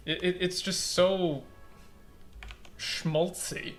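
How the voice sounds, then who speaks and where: A man with a high voice talks very slowly over soft background music while giving let's play commentary. As a game localization critic, he picks apart a game's translation bluntly and with animation, swearing casually and saying "like" a lot.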